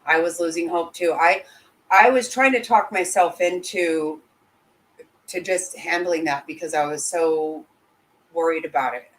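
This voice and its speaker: A woman's voice: fairly low pitch, measured pace, rough recording. A woman hosting a casual livestream, answering chat bluntly and indignantly, swearing freely. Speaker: livestream host reading chat.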